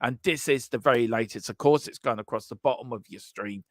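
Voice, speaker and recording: A boisterous man hosts a football news live stream in a loose, chatty way, boasting about being right and reading out viewer messages. His voice sits at an ordinary middle pitch and sounds dry and close, with no room around it. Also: brisk, dry recording. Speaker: host of a football transfer news show. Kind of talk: casual live-stream chat.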